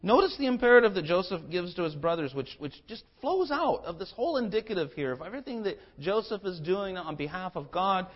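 Male pastor, sermon, impassioned delivery, fairly high voice, slightly lo-fi recording. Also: big pitch swings, fairly quick, few pauses. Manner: impassioned preaching with wide swings in pitch and loudness; acts out biblical speakers in a conversational voice.

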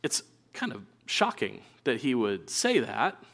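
Male preacher, mid-pitched, conversational sermon delivery with acted-out quotes. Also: wildly swooping pitch, measured pace, gravelly, fairly bright tone.

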